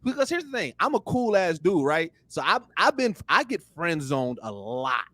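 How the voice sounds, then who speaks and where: A young man talking on a podcast with a high voice. He chats loosely and keeps looping back to "you know what I'm saying." The sound is dry and close, with no room around it. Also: sing-song, normal speed, sharp tone, no room sound. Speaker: podcast guest. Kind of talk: casual chat.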